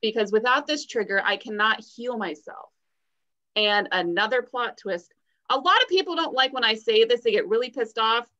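A woman's voice: a little high, expressive, normal speed, pushed and bright. A woman, a podcast guest, giving earnest and encouraging advice in casual talk. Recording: dull lo-fi sound.

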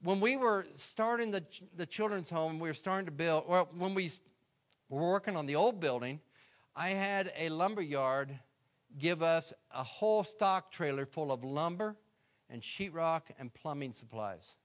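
A man's voice: a little high, moderate pace. A middle-aged man, a guest speaker, telling a story in a sermon and acting out his own prayers.

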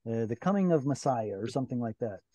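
A man's voice: mid-range voice, lively intonation, fast, dark tone, dry recording, highs cut off. A man teaching a Bible Hebrew class online, explaining grammar patiently and step by step with questions to his students. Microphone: video call.

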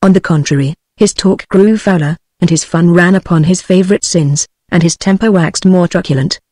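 A synthetic audiobook voice reads the story in a steady, middle-pitched tone. The sound is close and dry, with no room around it. Its delivery is even and machine-made throughout. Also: normal speed, no echo. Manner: even synthetic text-to-speech reading. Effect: text-to-speech voice. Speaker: audiobook narrator. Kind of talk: scripted narration.

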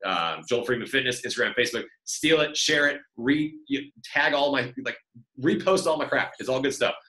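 Bright, fast-talking man on a video call. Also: medium pitch, echoey room, rough recording. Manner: fast, filler-heavy, swears casually. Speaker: fitness trainer on a team call. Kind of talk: casual chat.

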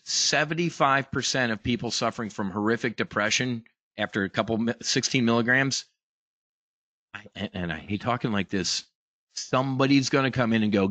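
Brief: a bright, forceful male host, brash and profane, pitching stocks in a dry close sound. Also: dry recording. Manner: brash, profane, emphatic salesman. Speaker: trading show host. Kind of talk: hyped investing pitch.

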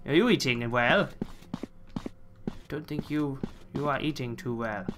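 Joking, cursing game commentator. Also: male voice, mid-range voice, unhurried. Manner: jokey, swearing, talks back to game characters. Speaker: let's play host.

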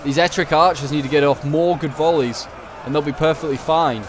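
A man's voice: a little high, fairly even intonation, a little fast, noisy background. A man giving casual, chatty commentary over a strategy game battle, thinking aloud with many fillers and restarts. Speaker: gaming commentator.

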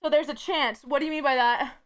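A woman's voice: sits high, fairly even intonation, quick pace, a bit bright. A woman streamer chatting casually with her live audience, bubbly and giggly and swearing freely.

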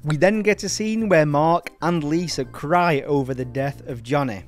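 Sweary sardonic film reviewer. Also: male voice, on the high side, moderate pace, soft background music. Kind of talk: comedic film review narration.

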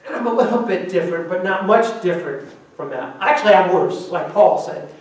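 Male pastor, animated sermon delivery, somewhat high voice, echoey distant hall sound. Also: fairly quick. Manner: animated preacher, acts out quotes with sudden pitch jumps. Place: church sanctuary.

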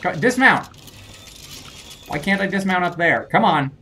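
A man's voice: high-pitched, lively intonation, measured pace, sharp tone. A young man playing a video game and commenting as he goes, rambling and flustered, laughing off his own mistakes and scolding enemies in a jokey way. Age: young adult. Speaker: gamer playing through a shooter. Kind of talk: let's play commentary.

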